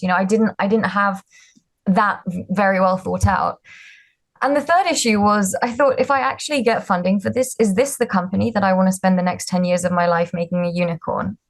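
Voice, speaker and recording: A young woman tells her startup story in an interview. She talks in a chatty, self-deprecating way, with plenty of ums and likes as she goes. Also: medium pitch. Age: 20s. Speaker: startup founder, guest.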